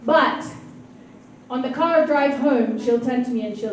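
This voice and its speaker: High-voiced woman doing stand-up, self-mocking chatty story, heard from far off. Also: unhurried, background noise. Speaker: stand-up comedian. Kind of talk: stand-up comedy set. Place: live comedy event stage. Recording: echoey venue miked from afar.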